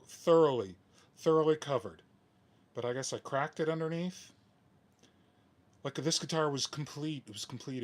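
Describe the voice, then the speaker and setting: A man in the middle range of pitch talking into a camera mic at his indoor workbench during a live vlog. He sounds weary and defeated, sighs often, and circles back to the same complaints again and again. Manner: weary, sighing, repeats himself in frustration. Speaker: guitar modding channel host.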